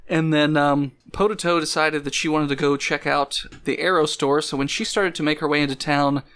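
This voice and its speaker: A man narrating as game master of a tabletop game, relaxed and often laughing. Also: fairly high pitch, moderate pace, clean tone.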